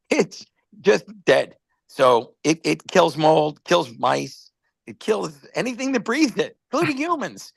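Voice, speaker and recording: A man's voice: on the high side, vocal fry, no room sound. A man casually presenting a product on a live stream, rambling through stories and stumbling over repeated words.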